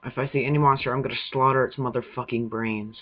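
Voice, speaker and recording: A man's voice: mid-range voice, fairly even intonation, fast, dull audio. A man giving jumpy, swearing running commentary while playing a video game. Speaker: gamer. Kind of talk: let's-play commentary.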